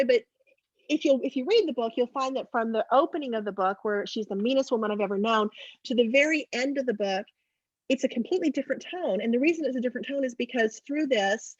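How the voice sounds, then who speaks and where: Animated woman telling stories, husky lo-fi. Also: fairly high pitch, dry recording. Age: 40s or older. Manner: animated storyteller, acting out family voices. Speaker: author and literary agent. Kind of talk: virtual fundraiser interview, storytelling. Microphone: video call. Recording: lo-fi video call audio.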